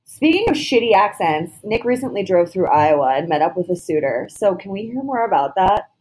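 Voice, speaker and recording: A woman's voice: medium pitch, very animated, a little fast, darkish tone. A woman co-hosting a podcast in casual chat, sarcastic and blunt, swearing freely. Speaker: podcast co-host.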